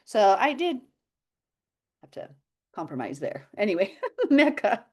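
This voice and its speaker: A woman's voice: medium pitch, big pitch swings, a little slow, long pauses, darkish tone, slightly rough. A middle-aged woman teaching health habits on a video call, chatty and telling stories with frequent laughter. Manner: chatty storyteller, laughs often. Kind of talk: casual video-call chat.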